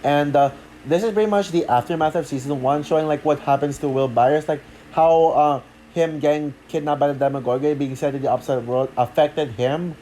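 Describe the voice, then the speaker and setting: A man talking through a show review off the cuff, halting with many fillers and restarts, short of breath. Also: fairly high pitch, dark tone, a little hiss or hum. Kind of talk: unscripted review talk.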